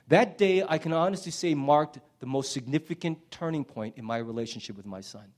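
A middle-aged male pastor preaching a sermon with passion, swinging from loud emphasis to hushed near-whispers. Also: fairly high pitch, fairly quick, few pauses.

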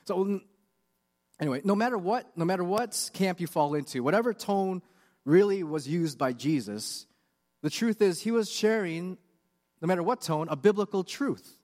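A man's voice: sits high, expressive, normal speed, a little mellow, big-room sound. A man preaching a sermon with earnest, confessional questions. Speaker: pastor.

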